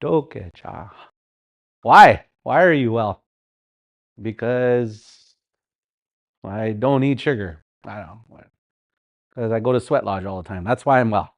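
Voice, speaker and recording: Slow-paced man teaching a language class. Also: medium pitch. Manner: slow, repetitive, with sounded-out words and rhetorical questions.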